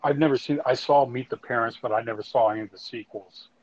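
A man in a casual conversation, giving brief low-key replies. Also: steady tone, fast talker. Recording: dull lo-fi audio.

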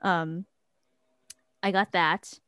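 A woman's voice: on the low side, level tone, very slow, pushed and bright, clean tone, no echo, clean studio sound. A young woman chatting casually and telling a story, laughing often and using plenty of fillers. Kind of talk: casual chat.

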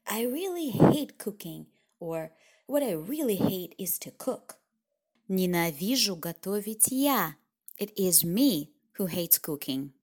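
Woman teaching a language lesson. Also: medium pitch. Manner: clear, explanatory, lively intonation.

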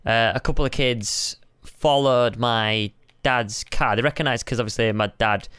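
A man's voice: medium pitch, normal speed, fairly bright tone, clean tone, dry recording, studio quality. A man co-hosting a casual podcast chat, teasing his friend with fillers and laughs. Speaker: podcast co-host.

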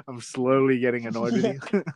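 A man playing a gruff male instructor from an old eighties how-to-make-a-movie videotape, bossy and quickly impatient. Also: mid-range voice, big pitch swings, darkish tone, no room sound.

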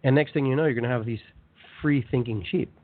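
A man hosts a spiritual self-help radio show, talking animatedly and looping back on his own phrases for emphasis. His voice sits at an ordinary middle pitch. It comes through a thin, tinny phone line. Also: fast talker. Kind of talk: motivational spiritual monologue.

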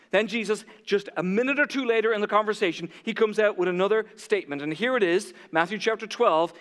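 Male preacher, high voice, lively sermon delivery, long hall reverb. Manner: animated, acts out voices of critics, swings between loud and hushed.

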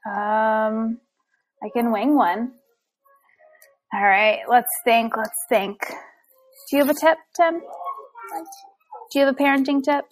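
Frank young mom telling stories. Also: female voice, on the high side, slow, long pauses, soft background music. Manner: frank, animated storytelling, acts out exchanges. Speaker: podcast co-host, mother. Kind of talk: casual chat.

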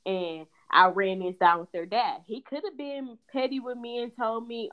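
Young woman guest, casual and expressive, does the voices when she quotes people. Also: fairly high pitch, normal speed, few pauses, muffled recording. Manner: expressive, laughs, acts out quotes. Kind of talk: casual chat.

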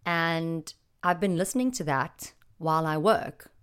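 A woman hosting a casual solo podcast from a small home office, chatty and excitable, rambling a little. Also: low-pitched, a little slow, clear, resonant tone. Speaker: podcast host.

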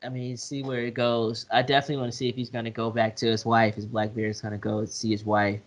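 A man's voice: quick pace, highs cut off. A man co-hosting a casual podcast chat, talking loosely and laughing as he retells TV scenes. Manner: animated, laughing, acts out scenes in high put-on voices. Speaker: podcast co-host.

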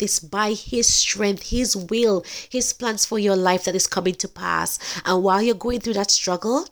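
Woman, podcast host, faith-based encouragement, earnest, emphatic, talks straight to listeners, mid-pitched.

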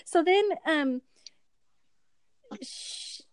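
A woman's voice: high-pitched, very slow, crowd noise. A woman chatting as a podcast co-host and stage performer, telling a story in a gushing, rambling way with many fillers. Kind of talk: casual chat.

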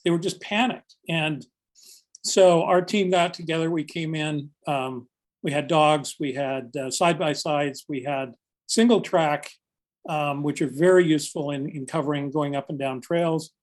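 A man's voice: fairly high pitch, measured pace. An older man, a search and rescue volunteer, telling a story in a casual, earnest and reflective podcast conversation. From United States.

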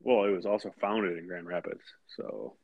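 A man's voice: deep voice, fairly even intonation, normal speed, vocal fry, no echo, narrow, tinny audio. A man co-hosting a casual podcast, laid-back and wisecracking with some swearing. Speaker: podcast co-host.

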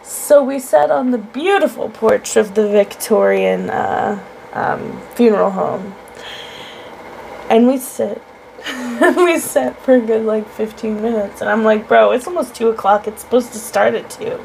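A woman's voice: fairly high pitch, measured pace, creaky, a little mellow, slight background noise, rough recording. A woman co-hosting a podcast in casual chat, telling stories with frequent laughter and swearing. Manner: laughing, profane storytelling. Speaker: podcast co-host.

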